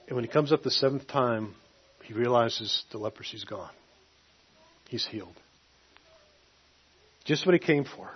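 A man's voice: mid-range voice, husky. A man preaching a sermon, retelling a scripture story casually and acting out the quotes. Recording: dull lo-fi recording.

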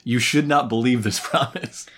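A woman's voice: a bass voice, normal speed. A woman co-hosting a casual recap chat, wry and profane, laughing often. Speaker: podcast co-host.

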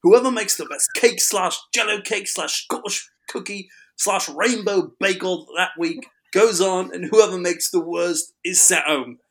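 A man's voice: high-pitched, unhurried, a bit bright. A man doing an attempted British accent, reading a playful mock-formal review he wrote. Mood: cheeky. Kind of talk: read-aloud comic review.

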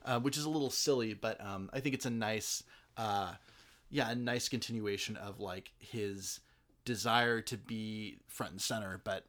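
A man's voice: on the low side, moderate pace, fairly bright tone. A man talking through a film in a casual chat, rambling with many fillers and restarts.

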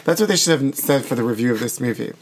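A man's voice: mid-range voice, fast, a little hiss or hum. Campy, sassy man riffing. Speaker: podcast co-host. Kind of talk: casual comedic chat.

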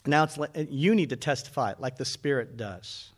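A man preaching a sermon as pastor, animated and calling out to his congregation. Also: medium pitch, normal speed.

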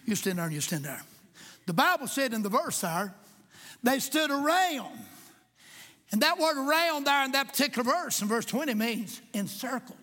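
A man preaching a sermon. He is impassioned, jokes at times and rises to shouts in a church. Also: very high-pitched. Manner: impassioned, shouting at peaks, joking asides. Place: church sanctuary with congregation. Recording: echoey church hall.

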